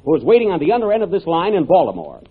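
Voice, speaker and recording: A man playing a pompous, flustered inventor in a 1930s radio comedy sketch, exasperated and prone to shouting. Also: fairly high pitch, wildly swooping pitch, very fast. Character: pompous, flustered male inventor demonstrating a telephone. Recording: tinny, hissy 1930s radio broadcast.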